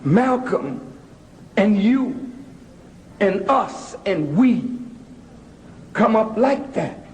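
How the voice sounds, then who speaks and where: A man giving an emphatic speech to an audience, slow and rising to shouts. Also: sits high, animated, slight background noise. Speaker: speaker at a public address. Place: large hall with an audience. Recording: archival speech in a large hall with an audience.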